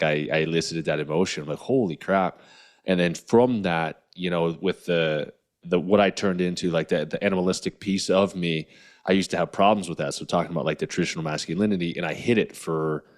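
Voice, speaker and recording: Deep-voiced earnest male podcast guest. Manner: earnest, reflective, with frequent "um" and "like". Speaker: guest, naturopathic and chiropractic doctor. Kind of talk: casual interview chat.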